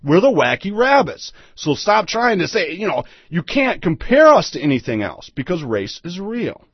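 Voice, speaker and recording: A man talking alone on a talk show, swinging his pitch up and down as he presses each point. He repeats rhetorical questions with emphasis. The sound is dull and lo-fi, with a dry, close feel. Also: very animated, normal speed, breathy edge, no echo. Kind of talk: solo opinion monologue.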